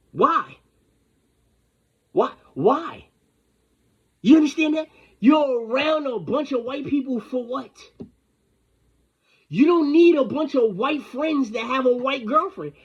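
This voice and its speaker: A man's voice: very high-pitched, very animated, takes it slowly, pauses often. A man delivering an angry, rambling, confrontational rant full of profanity. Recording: dull lo-fi recording.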